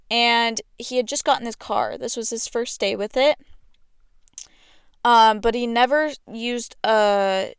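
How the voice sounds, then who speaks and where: A woman's voice: on the high side, a bit bright, clean tone, dry recording, clean studio sound. A young woman hosting a podcast, chatting casually and filling her talk with "like". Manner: chatty, fills speech with "like". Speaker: podcast host. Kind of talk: casual chat.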